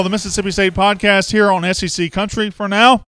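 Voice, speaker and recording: A man hosting a sports podcast, excitable and brash, speaking from a studio. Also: high voice, brisk, clear, resonant tone, soft background music. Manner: excitable, brash, loud bursts. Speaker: podcast host. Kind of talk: energetic sports podcast talk.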